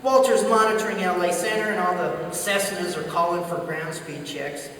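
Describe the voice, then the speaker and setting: A keynote speaker delivers a humorous storytelling talk in a large conference hall, animatedly recounting anecdotes and acting out radio voices. His voice sits high and runs at a normal speed. The hall is echoey, he is far from the mic, and there is a little hiss or hum.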